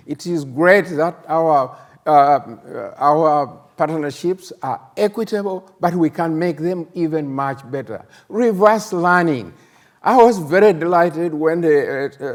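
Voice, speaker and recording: Older man, from uganda, conference plenary talk, fairly high voice, halting with fillers. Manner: halting, many fillers and restarts; emphatic rhetorical questions. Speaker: plenary host, professor.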